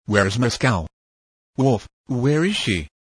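A man voicing an earnest, anxious man on a search, speaking urgently, with a husky voice. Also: mid-range voice, sing-song, slow, dry recording, studio quality, exaggerated voice.

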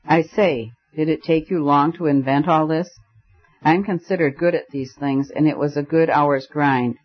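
A man's voice: a little high, steady tone, moderate pace, lightly acted. A man voicing a witty, playful young man who banters and jokes whimsically. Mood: tense. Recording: dull lo-fi recording.

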